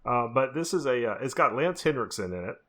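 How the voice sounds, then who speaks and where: A man co-hosting a horror movie podcast, chatting casually and with excitement, full of fillers and restarts. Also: medium pitch, fairly quick. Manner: enthusiastic, rambling, lots of fillers. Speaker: podcast co-host. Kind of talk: casual chat.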